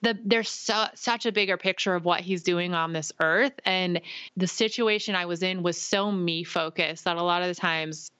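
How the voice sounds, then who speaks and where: Young woman guest, earnest faith testimony, bright and clear tone, dry close sound. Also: lowish voice, moderate pace, dry recording, lo-fi sound. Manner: earnest, animated storytelling with acted-out dialogue. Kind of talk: faith testimony in casual chat.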